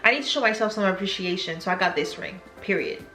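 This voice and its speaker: A woman's voice: medium pitch, fast. A young woman with a French accent, talking candidly in a confessional vlog and slipping into French mid-sentence. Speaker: YouTuber. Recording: echoey room, faint music.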